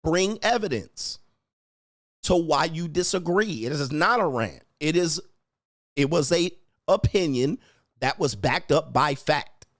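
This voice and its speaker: A brash man on a livestream, taunting his commenters with profane insults and laughing at them. His voice sits a little high for a man. The sound is dry and close, with no room echo. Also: lively intonation, a little slow, a bit bright. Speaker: livestream host reading chat.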